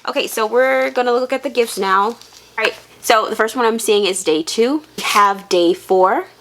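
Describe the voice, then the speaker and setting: A woman chatting casually in a book unboxing vlog, rambling and excitable, with lots of "like" fillers. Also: on the high side, normal speed, a little hiss or hum. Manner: chatty and rambling, heavy use of "like". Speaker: book vlogger.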